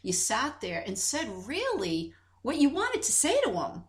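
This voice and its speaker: Animated woman telling stories on a podcast. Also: high-pitched, unhurried, few pauses. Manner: animated storytelling, acts out quoted dialogue, many restarts. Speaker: podcast co-host. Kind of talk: casual podcast chat.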